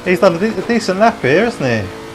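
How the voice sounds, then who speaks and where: A man's voice: sits high, sing-song, brisk, noisy background. A young English man chatting with viewers and calling out friends during a live sim racing stream, matey and talkative.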